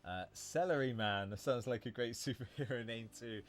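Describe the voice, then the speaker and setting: A man's voice: medium pitch, normal speed, soft background music. A man hosting a casual livestream, explaining English vocabulary in a chatty way, often correcting himself and laughing at his own slips.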